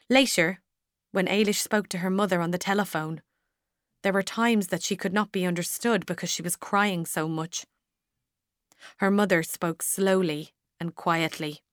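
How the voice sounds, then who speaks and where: A woman narrating a storybook in a measured, even manner, close to the mic. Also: fairly low pitch, no echo. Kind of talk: scripted audiobook narration.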